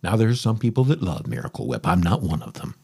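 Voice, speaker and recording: Rambling folksy man with a husky voice. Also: deep voice, big pitch swings, fast talker, darkish tone. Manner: rambling, folksy, self-interrupting. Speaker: podcast host. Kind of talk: casual storytelling monologue.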